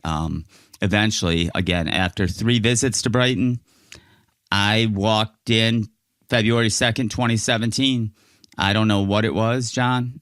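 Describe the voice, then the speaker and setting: A man's voice: on the low side, dry recording, studio quality. A man, a podcast guest, telling his personal story frankly in casual conversation and acting out what people said. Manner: frank, animated storyteller who acts out quotes.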